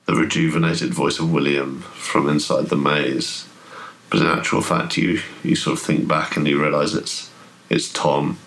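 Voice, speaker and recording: A man narrating as game master in a tabletop horror game, talking in a halting way full of fillers. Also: rumbling low, a bit bright.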